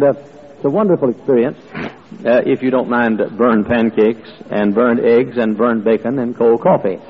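Husky-voiced man preaching in an echoey hall. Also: medium pitch. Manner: earnest storytelling with frequent "uh" fillers. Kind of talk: sermon. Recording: echoey hall, dull lo-fi sound.

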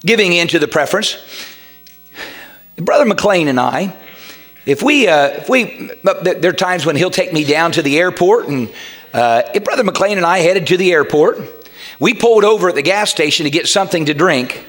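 A man preaching a sermon as pastor, emphatic and rising to shouts. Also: high voice, animated, normal speed.

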